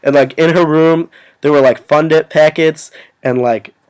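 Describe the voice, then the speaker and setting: A young man casually telling a story to his viewers, rambling and filling every pause with "like". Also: a little high, steady tone, a little mellow, smooth. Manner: rambling, full of "like" fillers. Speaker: vlogger.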